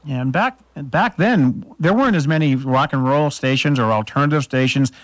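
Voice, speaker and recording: A man's voice: medium pitch, moderate pace, no echo. Fifties guy radio dj, easygoing chat, dry studio sound. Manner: relaxed, chuckling, with fillers. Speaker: radio host and DJ. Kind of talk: casual on-air chat.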